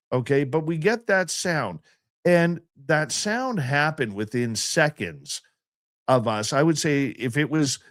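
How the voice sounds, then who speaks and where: A man recounting an outdoor encounter in a radio interview, telling it in a slow, deliberate way. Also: fairly high pitch, no echo, clean studio sound. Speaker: guest recounting a field expedition.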